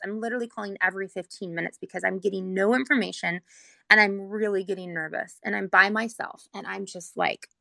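A woman recounts a frightening family memory in a heavily creaky, gravelly voice. Her telling is earnest and rambling, thick with "like," and she is on the edge of tears. The sound is dry and close, with no room around it. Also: medium pitch, bright, forceful tone, no room sound. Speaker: mother telling her son's hospital story. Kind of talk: personal storytelling, casual.

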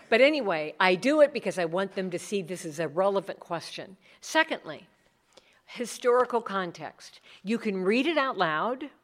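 A middle-aged woman speaking earnestly to a group about leading Bible studies, acting out the people she quotes. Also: lowish voice. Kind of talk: talk with audience questions.

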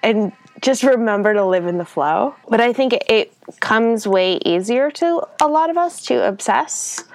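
A woman's voice: fairly high pitch, lively intonation, normal speed. A woman in casual podcast chat, self-deprecating and laughing often, with lots of "like".

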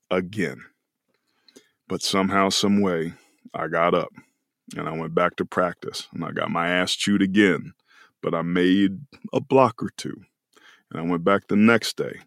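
A man's voice: low-pitched, dry recording, studio quality. A man in his forties, a podcast guest telling a personal story in an earnest, emotional way. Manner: earnest and emotional, slowing down on key moments.

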